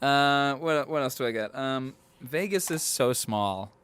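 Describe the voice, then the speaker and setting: A man with a clear, resonant, slightly bright voice of medium pitch speaks unhurriedly. Co-hosting a casual film podcast, he reads a plot summary aloud, then jokes and banters with friends.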